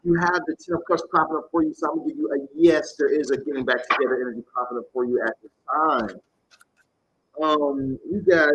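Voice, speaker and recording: Male tarot reader on a live stream, slightly high and very expressive voice, blunt and swears a lot. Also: fast, muffled recording, slight background noise. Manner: blunt, animated, swears freely.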